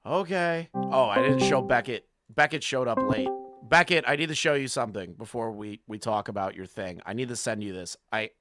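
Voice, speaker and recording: A man hosting a reaction stream, excitable and swearing, shouting in disbelief at a clip. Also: mid-range voice, normal speed, over loud music. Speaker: streamer host.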